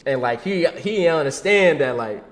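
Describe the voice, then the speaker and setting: A young man casually telling a story from his own life to a camera. He talks in loose slang, says "bro" and "boom" a lot, and laughs along the way. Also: animated, moderate pace, reverberant. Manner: slangy and laid-back, peppers talk with "bro" and "boom".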